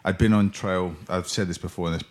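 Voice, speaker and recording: A man's voice sits a little low as he chats about football on a podcast. He is middle-aged and talks in an animated, jokey way, laughing often and slipping into mock impressions. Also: fairly quick. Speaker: podcast co-host, former footballer. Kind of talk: casual football chat.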